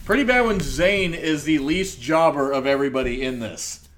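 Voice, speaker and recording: A man's voice: on the high side, moderate pace, fairly bright tone. A man hosting a casual wrestling review podcast, rambling and joking with plenty of ums. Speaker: podcast host.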